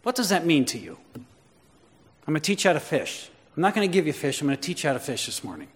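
A fast-talking male pastor with a fairly high, very animated voice preaches conversationally, firing questions at the congregation and climbing to emphatic repeated proclamations. Long hall reverb colors the recording.

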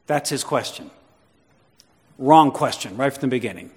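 A man's voice: mid-range voice, animated, normal speed, long pauses. A male pastor preaching a sermon, talking with the congregation and building to emphatic repeated declarations. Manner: conversational, questions the congregation. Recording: long hall reverb.

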